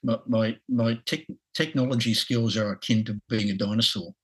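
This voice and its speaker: A man in his sixties with an Australian accent, a podcast guest talking haltingly with lots of restarts and chuckles. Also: on the low side, fairly bright tone, slightly rough, low-quality recording. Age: 60s. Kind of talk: casual interview.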